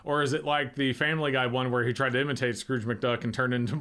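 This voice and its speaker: Man, easygoing livestream host, mid-pitched, musing, chatty. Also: fast talker. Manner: relaxed, thinks aloud with restarts. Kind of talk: casual livestream chat.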